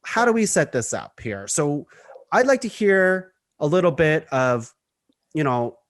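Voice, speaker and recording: A young man hosting a relaxed podcast conversation, with a lively voice that rises and falls a lot. He is chatty and laughs easily. He often breaks off and restarts his sentences as he thinks aloud. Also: a little high, measured pace, no echo, studio quality. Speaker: podcast host. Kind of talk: casual podcast chat.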